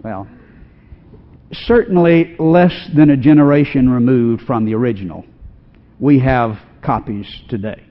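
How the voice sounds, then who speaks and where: A man giving a measured, explanatory lecture, played as a clip. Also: medium pitch. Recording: tinny phone-like audio in a long-reverb hall.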